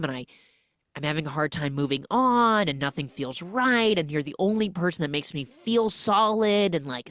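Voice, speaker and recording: A woman's voice: deep voice, dry recording, clean studio sound. A woman voicing a heartsick young woman who rambles through her feelings, in a recap retelling.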